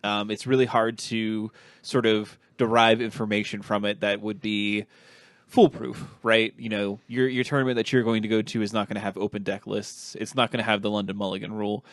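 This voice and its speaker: A man with a lowish voice hosts a casual podcast, rambling and filling pauses with ums and restarts. The sound is dry and close, with no room around it. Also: little pitch movement, fairly bright tone, dry recording. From Ohio. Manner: rambling, many fillers and restarts. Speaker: podcast host.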